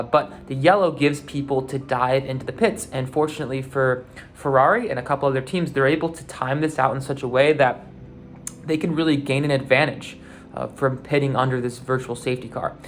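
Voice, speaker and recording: A man's voice: medium pitch, slight background noise. A man hosting a show, giving a loose, unscripted recap of a car race, with lots of fillers and restarts. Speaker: podcast host recapping a race.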